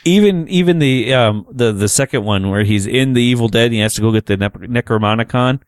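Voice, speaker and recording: A man's voice: medium pitch, a little fast, clean tone, dry recording, clean studio sound. Enthusiastic man chiming in on a podcast. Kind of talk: casual podcast chat.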